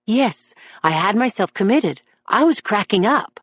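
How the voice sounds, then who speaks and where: A man's voice: high-pitched, lively intonation, a little slow, no echo, full character voice. A woman reading an audiobook voices a troubled young man on trial, testifying in a raw, pleading way about the voices that haunt him. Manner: anguished, raw and pleading, breaking into shouts. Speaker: defendant testifying in court.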